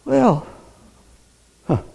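A man's voice: extremely slow, mellow. A man preaching a sermon as pastor, acting out quoted voices and asking the congregation questions.

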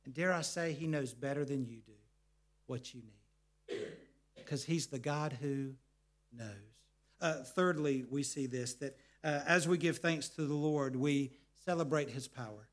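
A man's voice: medium pitch, measured pace. A middle-aged man preaching earnestly, often repeating words as he explains. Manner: earnest, repeats words, tells family stories. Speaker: pastor. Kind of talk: sermon.

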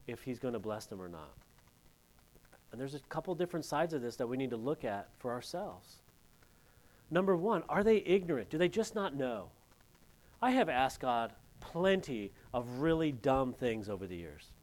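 A middle-aged man from California, a pastor teaching through a Bible passage in a conversational way with joking asides and quick quoted voices. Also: on the high side.

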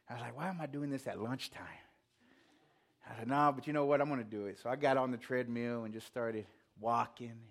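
A man preaching a casual, conversational sermon, telling a self-deprecating story with quoted asides. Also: mid-range voice. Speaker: pastor.

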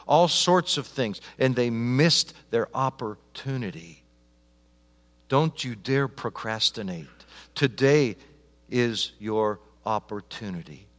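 Impassioned preacher in a reverberant church hall. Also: male voice, mid-range voice. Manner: swings from hushed pleading to loud impassioned preaching. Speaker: pastor. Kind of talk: sermon. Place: church sanctuary.

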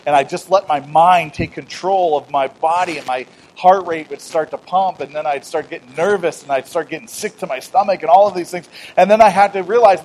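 A man's voice: a little high, a little fast, few pauses, rough recording. Middle-aged man preaching a conversational sermon. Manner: conversational preaching, swings from loud emphatic to quiet storytelling; self-deprecating humor, acts out quoted dialogue. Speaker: pastor.

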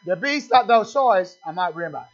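A man's voice: high voice, expressive, a little fast, lo-fi sound, faint music behind. A man preaching a sermon in call-and-response style, acting out little dialogues with the congregation.

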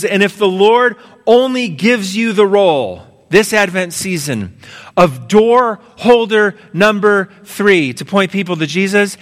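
A man's voice: sits high, fairly bright tone. A man preaching a sermon as pastor, emphatic and urging, acting out a story with quoted voices. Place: church sanctuary. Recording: long reverb of a large hall.

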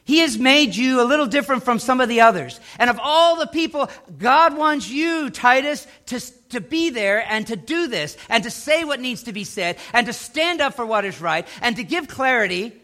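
A middle-aged man preaching a sermon as pastor, swinging between loud emphatic lines and hushed low asides. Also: expressive, moderate pace, few pauses.

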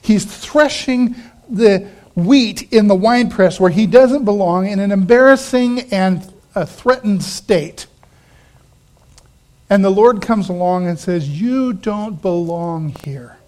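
A man preaching a sermon as a pastor, animated and acting out the quoted voices, dropping to quiet asides. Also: high voice.

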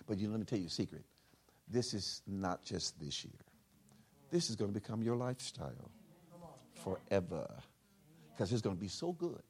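A man preaching a sermon, leading a call-and-response prayer and swinging from hushed tones to shouted peaks. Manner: swings from quiet intimate lows to shouted soaring highs. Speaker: pastor. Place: large church hall.

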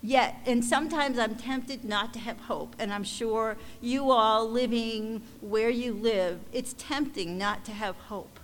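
Slow, halting woman in a reverberant hall. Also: on the high side. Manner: halting and emotional, with many restarts. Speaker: ministry leader addressing supporters. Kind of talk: heartfelt church testimony. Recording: long hall reverb, faint background noise.

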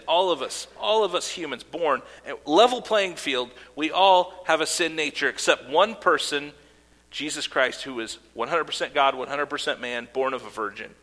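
A man's voice: on the high side, sharp tone. A man preaching a sermon as pastor, earnest, with casual asides and fillers. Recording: long hall reverb.

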